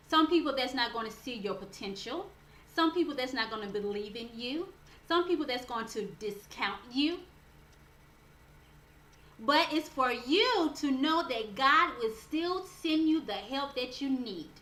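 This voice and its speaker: A woman life coach telling a personal story in a motivational talk, earnest and animated, building toward a preaching close. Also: fairly high pitch, slight background noise. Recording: roomy echo with faint background ambience.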